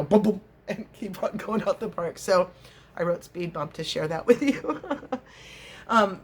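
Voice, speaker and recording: Middle-aged woman, casual rambling vlogger, frequent laughs. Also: lowish voice. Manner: chatty, laughs often, acts out little scenes. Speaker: crochet vlogger.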